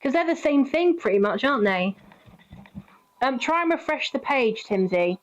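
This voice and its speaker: A woman's voice: sits high, animated, normal speed, low-quality recording. A British woman streaming a game, chatting casually with her viewers and greeting them by name. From Britain. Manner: chatty, giggly, talks to chat by name.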